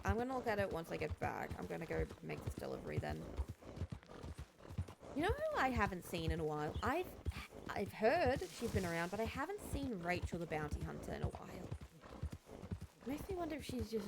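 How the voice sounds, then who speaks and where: A woman streamer chats loosely to her viewers as she plays. Her voice sits a little low, and she rambles from one game story to the next. Steady noise and clopping hooves run under her voice. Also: vocal fry. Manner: chatty, rambling, recounts scenes with quick voice changes. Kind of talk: casual chat to stream viewers while gaming.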